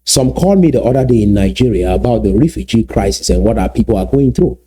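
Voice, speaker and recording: A man giving solo video commentary, emphatic and repeating key phrases slowly for effect. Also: fairly low pitch, animated, mellow, slightly rough. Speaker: political commentator.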